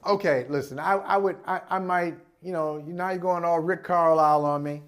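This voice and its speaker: Man, sports talk host, high-pitched for a man, animated, repeats himself to build a point. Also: moderate pace. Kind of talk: casual sports debate.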